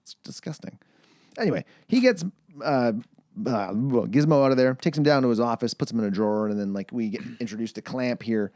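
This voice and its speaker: A man's voice: medium pitch, expressive, darkish tone, no echo, studio quality. A man co-hosting a casual movie podcast, joking and laughing as he recaps scenes. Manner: jokey, laughs often, does quick voices for characters. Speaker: podcast co-host. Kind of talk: casual movie review chat.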